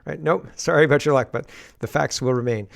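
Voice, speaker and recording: A man's voice: medium pitch, fairly quick, creaky. A man hosting casual political commentary, ranting in an exasperated way and addressing the viewer directly.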